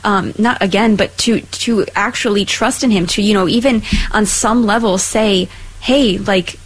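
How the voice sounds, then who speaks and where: A woman's voice: medium pitch, a little slow, rough recording. A woman co-hosting a conversational faith show, speaking reflectively with many "you know"s and "um"s. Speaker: co-host.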